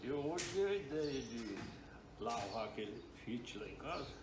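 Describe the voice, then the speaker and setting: A man's voice: medium pitch, expressive, moderate pace. A man chatting casually and relaxedly, recorded outdoors away from the microphone. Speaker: uncle, local. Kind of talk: casual chat. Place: outdoors, off mic. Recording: echoey, noisy outdoor audio with birds.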